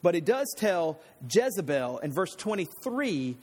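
A man with a notably high-pitched voice delivers a casual, teaching-style sermon. He retells scripture in plain everyday slang, like a chatty storyteller talking to friends. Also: sing-song, measured pace, a little mellow. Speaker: pastor.

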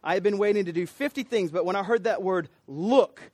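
High-voiced man preaching a sermon. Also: brisk, darkish tone, dry recording. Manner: rising to emphatic, preachy cries on repeated phrases; retells and quotes a story in a storyteller's cadence.

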